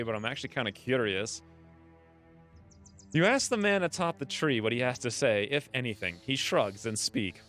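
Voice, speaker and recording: A gaming video creator casually talks over his own strategy game playthrough in a let's play, chatty and thinking out loud. His voice is medium-pitched with a fairly bright tone.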